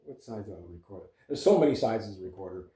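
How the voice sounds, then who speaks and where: A man's voice: on the low side, lively intonation, fast, warm tone, echoey room. A man, a vlogger and musician, chatting casually and rambling between topics with lots of fillers and restarts. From Canada.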